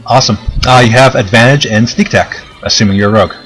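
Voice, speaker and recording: A man as game master, explaining rules in a relaxed way with many fillers. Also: medium pitch, quick pace, soft background music, rough recording. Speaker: dungeon master. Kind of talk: running a tabletop game.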